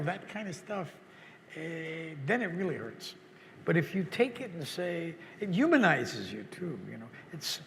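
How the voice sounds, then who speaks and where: Older male guest, gravelly and bright, fairly high, halting and reflective, reverberant hall. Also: a little hiss or hum. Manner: halting, repeats words while searching for thoughts. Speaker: interview guest. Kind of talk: reflective conversation.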